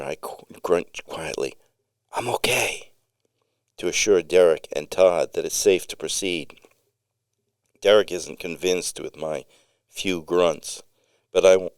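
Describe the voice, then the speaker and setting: A man reading his own memoir story aloud as narrator, telling it in a vivid, unhurried way with occasional slips. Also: a bass voice, darkish tone, no echo, clean studio sound.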